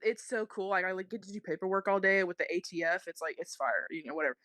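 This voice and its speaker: Woman guest on a podcast, talks super fast, swears a ton, dry close mic. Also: fairly low pitch, fairly bright tone, dry recording. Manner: fast, profane storytelling with lots of laughing. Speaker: guest, country rap artist. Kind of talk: casual podcast chat.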